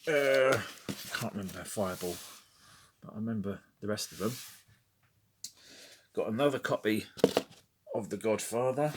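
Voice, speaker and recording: Middle-aged man, low-ish voice, very slow delivery, wry and rambling with muttered asides, faint hiss behind. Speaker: collector showing his record collection. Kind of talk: casual chat.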